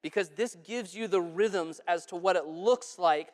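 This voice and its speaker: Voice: medium pitch, measured pace, a little mellow. A pastor preaching a sermon in a conversational way, asking the congregation questions and adding asides. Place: church sanctuary. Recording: long church reverb.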